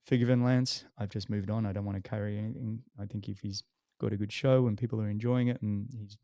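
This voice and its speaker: A man's voice: lowish voice, fairly even intonation, dark tone, no echo. A male podcast host talks in a dry, close-miked sound with no room around him. He keeps the conversation going with upbeat nods and short encouraging replies. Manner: encouraging, quick back-channel replies. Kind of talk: interview conversation.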